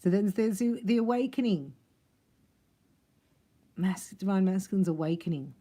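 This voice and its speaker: A woman giving a casual spiritual tarot reading, chatty and quick to laugh. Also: lowish voice, dark tone. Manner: chatty, laughs often, acts out other voices. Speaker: tarot reader.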